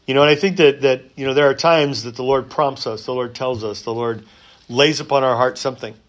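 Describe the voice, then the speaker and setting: A man preaching a sermon in a conversational way, rising for emphasis and dropping to soft asides. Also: medium pitch, steady tone, a little fast. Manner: conversational, many fillers and restarts. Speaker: pastor.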